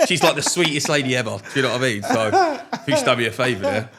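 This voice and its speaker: A young man, a podcast guest telling stories in casual chat, slangy and animated, laughing often. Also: mid-range voice, rapid-fire, slightly rough.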